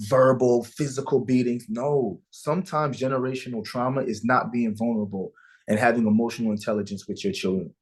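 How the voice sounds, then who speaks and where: A man as an interview guest, earnestly and emotionally telling a personal story about fatherhood and acting out the dialogue. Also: medium pitch.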